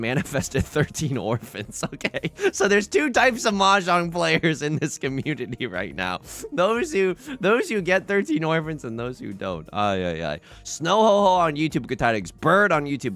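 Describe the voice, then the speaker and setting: A man livestreaming and chatting casually, telling rambling stories full of restarts, swearing and asides. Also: fairly high pitch. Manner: rambling animated storytelling with many restarts and swearing.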